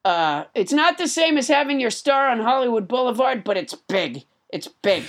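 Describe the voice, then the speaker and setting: A woman's voice: a little high, big pitch swings, normal speed. A woman hosting a comedy podcast, rambling with stammered restarts and dry humor. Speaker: podcast host. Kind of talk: comedic banter.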